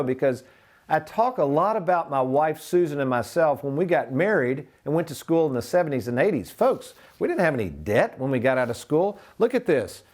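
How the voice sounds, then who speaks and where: An older man hosting a retirement planning show, speaking in a folksy way and calling his viewers "folks." His voice sits a little higher than most men's as he steps through the figures for them. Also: a little mellow. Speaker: financial advisor and show host.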